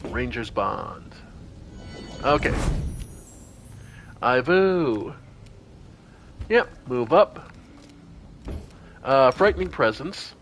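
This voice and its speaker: A man streams a fantasy role-playing game and talks his party through each turn out loud. His voice sits a little high and swings widely in pitch, with sudden bright exclamations. He speaks slowly and without hurry. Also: a little hiss or hum. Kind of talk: casual gameplay commentary.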